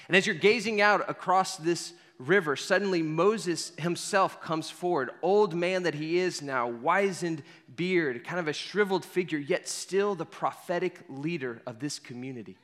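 A man delivers a sermon as guided storytelling, speaking straight to the listener and repeating key lines for weight. His voice sits slightly high for a man. A long reverb trails each phrase. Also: unhurried, a bit bright. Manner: speaks in the second person, leading listeners through a scene. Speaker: preacher.

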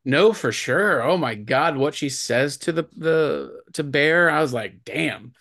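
A man's voice: a little high, expressive, unhurried, fairly bright tone. A man co-hosting a movie podcast, chatting casually and rambling with lots of fillers and restarts. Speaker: podcast co-host.

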